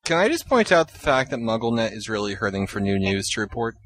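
Fast-talking man, dry wisecracks. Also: on the low side, sing-song, a bit bright, a little hiss or hum. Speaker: podcast co-host. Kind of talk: casual chat.

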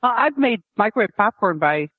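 A woman chatting plainly about home life, her voice varied in pitch. She is heard over a dry, tinny, phone-like line. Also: animated, a little fast, no echo. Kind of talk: casual chat.

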